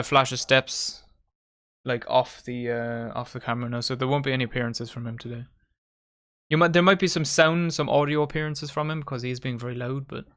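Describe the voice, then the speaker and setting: Male watchalong host, mid-pitched, casual chatty play-by-play with banter. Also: a bit bright. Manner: chatty, banters with friends and viewers. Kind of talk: casual live match commentary.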